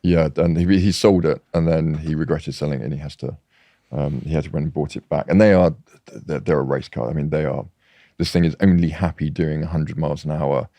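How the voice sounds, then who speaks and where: A man's voice: rumbling low, a little fast, dry recording. A man guest chatting casually, telling anecdotes with many restarts. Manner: animated storyteller, trailing restarts. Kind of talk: casual chat.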